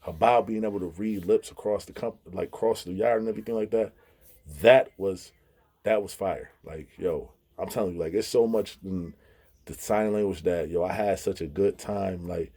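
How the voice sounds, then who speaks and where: A man's voice: sits low, moderate pace, husky. A man casually telling funny prison stories, laughing and mimicking the people he talks about. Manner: animated, laughing, mimics others' voices in quotes. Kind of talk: casual storytelling.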